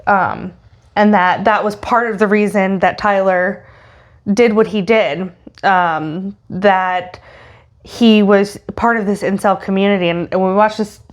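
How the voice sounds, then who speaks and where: A woman's voice: medium pitch, steady tone, a little slow. Hesitant woman in casual podcast chat. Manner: hesitant, many ums and uhs. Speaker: podcast co-host.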